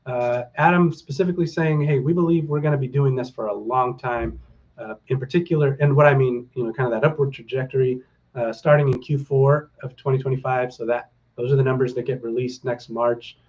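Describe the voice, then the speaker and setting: A man's voice: medium pitch, fairly even intonation, fairly quick, darkish tone. Middle-aged male stream host, loose and upbeat, fills gaps with ums, rallies his viewers; slightly dull home-mic sound. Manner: rambling, upbeat and rallying, with many fillers. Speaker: stock market livestream host. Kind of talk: casual livestream chat to viewers.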